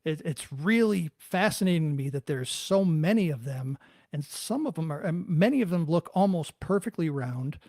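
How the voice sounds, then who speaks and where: A man hosting an interview, talking haltingly and searching for words, with many restarts. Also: fairly high pitch, animated, darkish tone, no room sound, clean studio sound. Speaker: podcast host. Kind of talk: casual interview talk.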